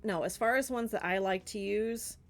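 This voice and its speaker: A woman's voice: medium pitch, normal speed. A woman with a Southern US accent, a streamer chatting casually and rambling with lots of fillers and giggles during a Q&A. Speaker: streamer and artist.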